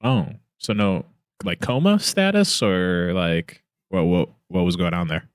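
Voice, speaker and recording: A man with a slightly low voice hosts a casual podcast, ribbing his guests with jokes. His voice is close and dry, with no room sound around it. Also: big pitch swings, unhurried, clean tone, no echo. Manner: joking, teasing banter. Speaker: podcast host.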